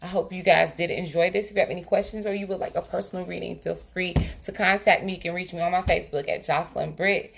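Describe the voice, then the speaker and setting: A woman's voice: lowish voice, fairly even intonation, quick pace, creaky, hardly any pauses, a little hiss or hum. A woman doing a tarot reading straight to her viewers, in a casual, colloquial style. She is emphatic and often stops to check in with "okay?". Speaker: tarot reader. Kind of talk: direct-to-camera tarot reading.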